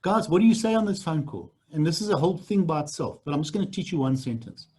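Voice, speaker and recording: A man's voice: a little high, sing-song, quick pace, dark tone, breathy edge. A man running a sales training on a video call, blunt and repetitive. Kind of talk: online training session.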